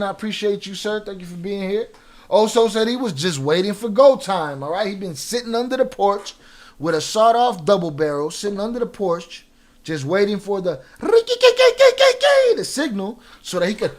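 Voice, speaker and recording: Sitting high in pitch, this middle-aged livestream reaction host reads out viewer comments and talks loosely in street slang, pausing and tossing in joking asides.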